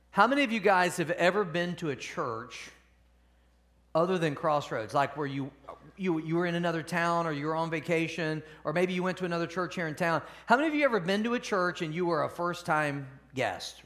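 A pastor preaching a conversational sermon at a church service, often asking the congregation questions. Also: male voice, on the high side, a bit bright.

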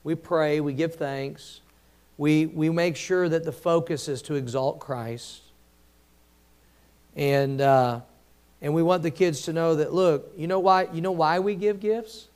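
A man's voice: fairly high pitch, steady tone, a little slow, a little mellow, clean tone. A man preaching a sermon in a conversational way, with many restarts and emphatic questions to the congregation. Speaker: pastor.

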